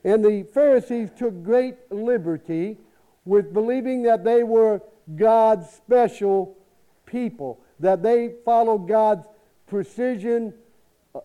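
Emphatic high-voiced male preacher, tinny. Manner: emphatic, repeats rhetorical questions. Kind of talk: Sunday sermon. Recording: tinny phone-like sound.

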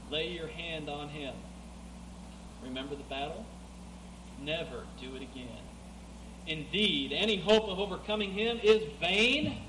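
A man preaching a sermon, reading scripture aloud, swinging between loud emphatic passages and quieter asides. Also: on the high side. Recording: echoey room with clear background noise.

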